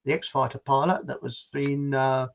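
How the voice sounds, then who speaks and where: A man's voice: medium pitch, little pitch movement, moderate pace, creaky. A British man hosting a casual chat, rambling and chatty, laughing at his own jokes. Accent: British English. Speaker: host. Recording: muffled lo-fi audio.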